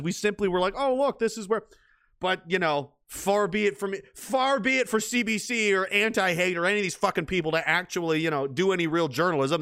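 A man's voice: high voice, sharp tone, clean tone, no room sound, studio quality. A man reading viewer messages on a livestream, ranting and swearing, trailing off into mumbled asides. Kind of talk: profane livestream chat reading.

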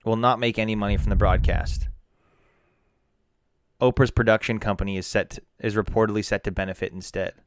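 A man's voice: fairly low pitch, fairly even intonation, brisk, pauses often, clear, resonant tone, dry recording. A man co-hosting a casual podcast chat, joking, swearing and telling stories, feeling unwell.

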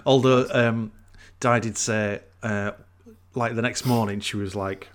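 Bloke on a podcast, swears a lot, chatty anecdotes. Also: male voice, lowish voice, steady tone, measured pace. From Yorkshire. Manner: sweary, anecdotal, laughs along. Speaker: podcast co-host. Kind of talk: casual banter.

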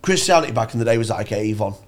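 A podcast co-host tells a rambling comic story, talking fast in a fairly low voice. He swears a lot, stays animated, and acts out different voices along the way.

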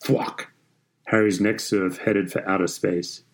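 Man, low voice, story narration, measured and even.

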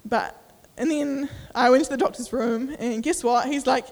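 A woman's voice: high voice, fairly even intonation, moderate pace, gravelly, a little mellow, in a large hall. A young adult woman giving a sermon. She tells a personal story casually and with feeling, with many fillers. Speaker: preacher.

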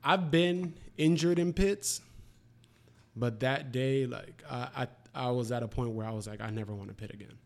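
A man's voice: medium pitch, moderate pace, vocal fry. A man in his twenties chatting casually, telling profane stories and acting out the quotes. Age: 20s. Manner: profane, animated storytelling with acted-out quotes. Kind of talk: casual chat.

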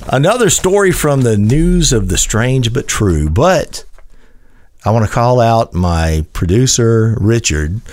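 A man, hosting a casual radio show. His mid-pitched voice rises and falls a lot as he reads odd news items slowly and with emphasis, adding wry asides. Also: sing-song, a little mellow. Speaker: radio host. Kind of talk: casual radio chat, reading news stories.

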